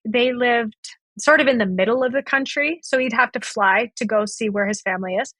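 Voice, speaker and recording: A woman with a fairly high, brisk, slightly bright voice, recorded with no room sound, guests on a podcast. She retells a past relationship, acting out both sides of the conversations.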